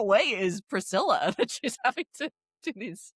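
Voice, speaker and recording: A woman co-hosts a casual podcast and recaps a show in an animated way, acting out the quotes as she goes. Her pitch swings widely. The recording is close and dry. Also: moderate pace, husky, dry recording. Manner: animated storytelling, acting out quotes, frequent laughs. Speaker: podcast co-host.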